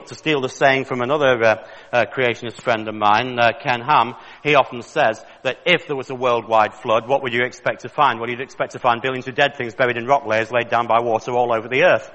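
A man's voice: medium pitch, steady tone, brisk, few pauses, sharp tone, in a large hall, rough recording. A man preaching a sermon with fervent, rising emphasis and pointed questions to the congregation.

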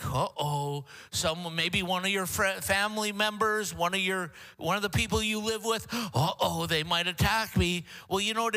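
An older guest preacher delivers a sermon in a high, bright voice, often slipping into jokey, self-deprecating asides. He stumbles through halting restarts before pushing on.

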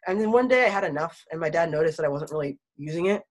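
A woman's voice: sits low, animated. A woman in casual chat telling a spooky childhood story, laughing often and acting out the people she quotes. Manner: fast, laughing, acts out quoted voices.

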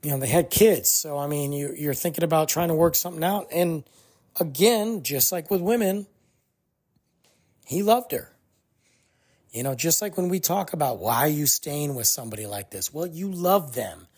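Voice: medium pitch, normal speed, pauses often, a little mellow, slightly rough. A podcast host giving a casual commentary monologue, speaking emphatically and acting out quoted dialogue.

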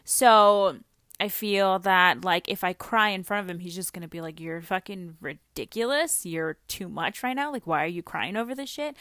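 In a clean studio recording with no room sound, a woman hosts a personal, reflective podcast monologue. She's an adult with a daughter, and she talks candidly and ramblingly, full of fillers and casual swearing. Her voice is mid-range and a bit bright.

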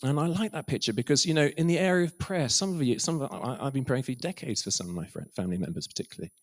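A middle-aged man preaching a sermon, telling stories with quiet asides. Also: mid-range voice, expressive, fast. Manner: storytelling, quiet asides and soft whispered quotes.

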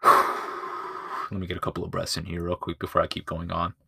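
A man's voice: deep voice, completely flat delivery, moderate pace, gravelly, sharp tone, a little hiss or hum. A man hosting his own podcast. He retells a movie in a rambling, profane, chatty way and often loses his place. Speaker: podcast host. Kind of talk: casual movie review chat.

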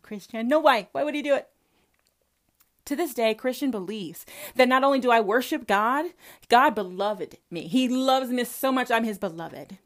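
A woman from the Southern United States, speaking with a Southern American accent, delivers a combative, profanity-laced religious rant to camera as a commentator, packed with rhetorical questions. Her voice is a little high and moves at normal speed.

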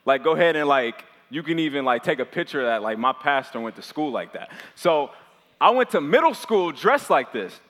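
A pastor in his twenties tells his congregation a personal story during a live sermon, his voice fairly high, quick, bright and very animated. He's chatty and loose, using lots of filler words, and a long hall reverb surrounds him.

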